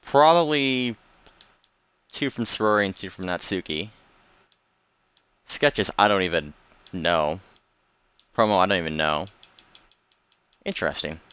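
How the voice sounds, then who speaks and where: A man's voice: deep voice, unhurried, long pauses, fairly bright tone, clean tone, dry recording. A man casually commenting on a visual novel as he plays and reading its narration aloud, musing and unsure. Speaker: let's play streamer. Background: game music.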